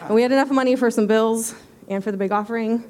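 A woman giving a church testimony, out of breath, nervous and apologetic, speaking haltingly. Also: on the high side, steady tone, a little mellow. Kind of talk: spontaneous testimony.

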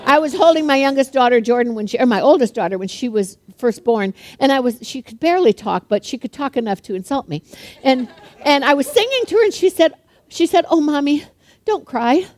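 An older woman preaching a sermon to a congregation, fast-talking, chatty and humorous, often laughing between points. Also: sits high, expressive, darkish tone, no echo.

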